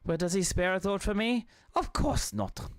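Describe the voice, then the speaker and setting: A woman's voice: mid-range voice, normal speed, no echo, pitched above the performer's own voice, natural voice. A woman voicing an ancient, playful female fairy queen, reading game lines in a flowery, archaic way. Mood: teasing. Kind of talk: reading game dialogue aloud.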